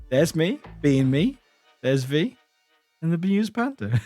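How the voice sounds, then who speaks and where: Animated British streamer man. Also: on the high side, slow pace, no echo, soft background music. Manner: animated, laughing, greeting chat by name. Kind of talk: casual live-stream chat. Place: home room.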